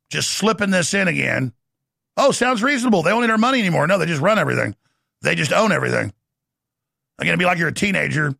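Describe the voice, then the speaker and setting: A middle-aged man delivering a sarcastic political commentary monologue. His voice is bright and fairly high, heavy with gravelly fry. It is recorded dry and close on a studio mic. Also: dry recording. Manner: sarcastic, animated, jokey. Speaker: show host.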